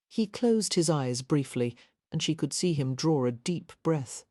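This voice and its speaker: A woman narrates an audiobook in a measured, even way. Her voice is low and dark. The recording is close and dry. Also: dry recording. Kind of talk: scripted narration.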